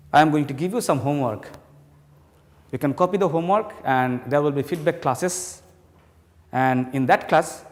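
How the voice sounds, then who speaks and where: A man teaching an English grammar lesson to students, explaining slowly and with emphasis. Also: medium pitch. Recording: long hall reverb.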